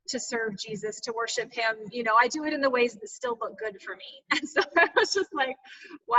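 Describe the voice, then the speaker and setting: A woman author speaks in a bright, slightly high voice, earnest and reflective, with plenty of "you know" fillers. She sounds a little far from her mic, as on a video call. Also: creaky. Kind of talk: reflective personal storytelling in an interview. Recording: distant video call audio.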